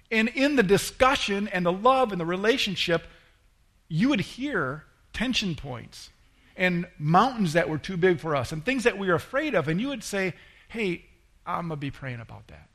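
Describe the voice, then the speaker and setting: A middle-aged man preaching as a pastor, with a slightly higher voice than most men. He talks in an easy, conversational way and brings anecdotes to life by acting out the voices of the people he quotes. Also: a bit bright. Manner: conversational, acts out quoted voices with rising pitch. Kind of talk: sermon with storytelling.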